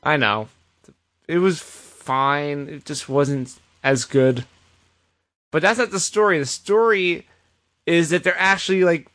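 A man co-hosting a podcast, giving an animated casual recap with plenty of swearing. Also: fairly high pitch. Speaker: podcast co-host. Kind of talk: casual chat.

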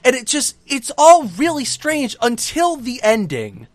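A man with a high voice talks in a loose, casual chat and tells the story with a lot of energy. His swearing is constant. The sound is dry and close, with little room in it. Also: a little slow, no room sound. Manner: animated, profane storytelling. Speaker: podcast co-host recapping wrestling.

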